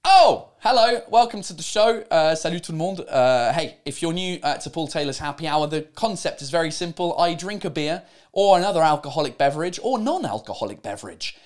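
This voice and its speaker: A man hosting a live-streamed drinking chat show in a studio, loud, playful and profane, switching between English and French. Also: fairly high pitch, expressive, a little fast.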